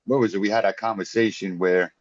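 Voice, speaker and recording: A man's voice: on the low side, steady tone, fast, no echo. A man joins as a listener guest on a video call, telling stories animatedly and laughing. The call audio is dry and dull. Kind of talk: casual chat.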